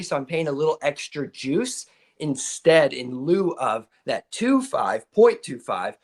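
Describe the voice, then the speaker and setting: A man on a live sports betting show, explaining his soccer picks with enthusiasm. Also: fairly high pitch.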